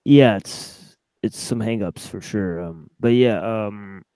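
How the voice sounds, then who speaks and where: A man's voice: lowish voice, slow pace, mellow, no room sound. A man calling into an online group call, speaking hesitantly with many fillers. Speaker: caller in an online hangout.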